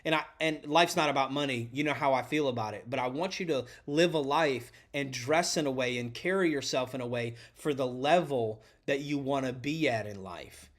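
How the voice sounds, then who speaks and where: A man's voice: medium pitch, normal speed, few pauses. A man hosting a podcast, giving earnest, preachy advice to tradespeople and calling the listener his friend. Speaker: podcast host and electrician coach. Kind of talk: motivational talk to tradespeople.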